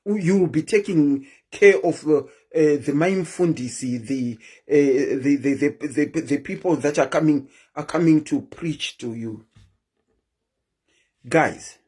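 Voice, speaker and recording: A woman's voice: sits low, slow, warm tone, husky. A woman hosting a live stream, chatting casually and keeps asking her viewers questions.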